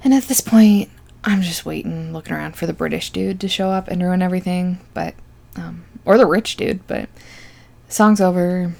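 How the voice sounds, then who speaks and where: A young woman rambles through a movie recap in a low, gravelly voice. She talks sarcastically and loosely, filling gaps with likes and ums while she mocks the plot. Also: fairly even intonation, moderate pace, a little mellow.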